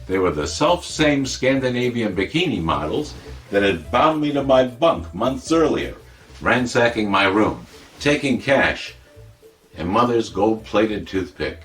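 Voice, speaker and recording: A man playing a boastful, wisecracking older comic who tells tall tales in a deadpan, rambling way. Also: lowish voice. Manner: deadpan, rambling, self-contradicting. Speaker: comic editorial presenter. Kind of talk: comedic monologue.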